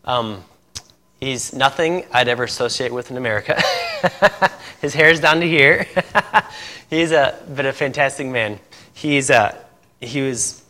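A man preaching, telling a lively testimony story to a congregation, laughing often and acting out dialogue. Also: mid-range voice, a little slow, long pauses. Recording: echoey hall.

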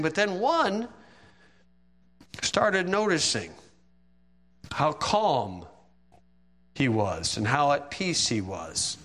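Bright-voiced preacher in a reverberant hall. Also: male voice, on the high side. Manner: vivid dramatic storytelling. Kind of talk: sermon.

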